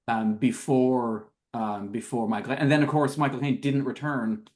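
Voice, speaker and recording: A man's voice: mid-range voice, steady tone, moderate pace, darkish tone. Hesitant man sharing film trivia. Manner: hesitant, full of ums, shares film trivia. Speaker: podcast co-host. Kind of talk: casual film chat.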